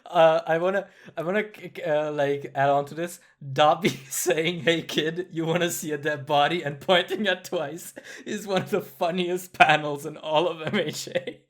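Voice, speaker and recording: Easygoing man with a slightly high voice. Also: fairly even intonation, moderate pace, hardly any pauses, a bit bright. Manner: easygoing, brief back-channel replies. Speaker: podcast guest. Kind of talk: casual chat.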